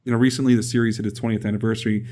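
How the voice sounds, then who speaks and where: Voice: medium pitch, level tone, rapid-fire, dark tone. An interviewer asking rambling questions in a casual interview, laughing often. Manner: laughs often, short encouraging replies.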